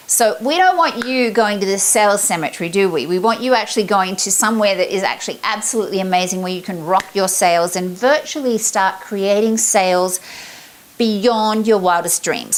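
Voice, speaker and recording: A middle-aged woman, giving a chatty, upbeat motivational talk as a sales confidence coach. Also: medium pitch. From Australia. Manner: upbeat, chatty, acts out her examples.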